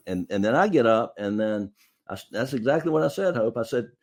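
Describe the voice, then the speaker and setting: A man's voice: medium pitch, lively intonation, normal speed, darkish tone. A middle-aged man from South Carolina, a defense lawyer casually telling stories from his cases and often repeating his words as he goes. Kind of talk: casual storytelling.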